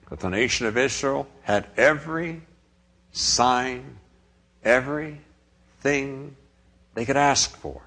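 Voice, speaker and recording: A man preaching a sermon, dramatic in delivery and dropping to a hush on quoted words. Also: medium pitch, husky.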